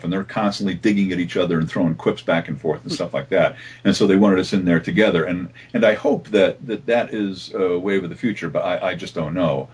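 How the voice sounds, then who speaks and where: Husky-voiced man, chatty voice actor. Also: sits low. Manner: chatty, animated, laughs often. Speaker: voice actor guest. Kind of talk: casual interview chat.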